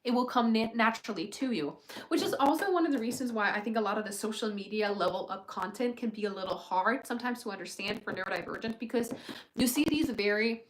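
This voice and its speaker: A woman's voice: on the high side, fast, slight background noise, low-quality recording. A young woman hosting a casual livestream, talking through advice with many fillers and asides to her viewers. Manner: chatty, filler-heavy, frank advice. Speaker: livestream host.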